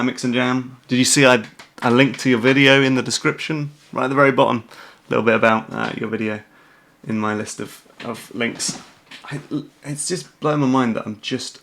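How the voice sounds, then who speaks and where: A British man with a gravelly, fry-edged voice at a middling pitch, hosting a casual livestream. He rambles through chat questions with plenty of ums and restarts and pokes fun at himself along the way. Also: fairly bright tone. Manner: rambling, self-deprecating, many fillers and restarts. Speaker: host.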